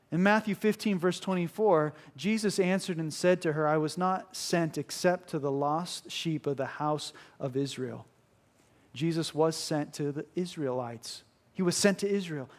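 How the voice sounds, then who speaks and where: Impassioned high-voiced male preacher. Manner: impassioned, swings between loud and hushed; acts out quoted voices. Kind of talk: sermon.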